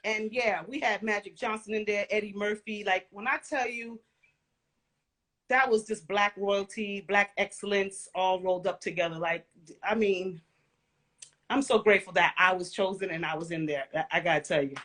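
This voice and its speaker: Bright-voiced woman telling animated stories. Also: mid-range voice, normal speed. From Caribbean and Central American family background. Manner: animated storytelling, laughs often, casual slang. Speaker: guest, former music video dancer. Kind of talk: casual interview chat.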